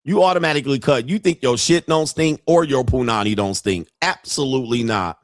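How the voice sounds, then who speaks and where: A man's voice: mid-range voice, a little fast, no echo, studio quality. A man hosting a reaction video, giving brash, crude commentary and mocking the people he watches. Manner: brash, laughing, mock-quoting others.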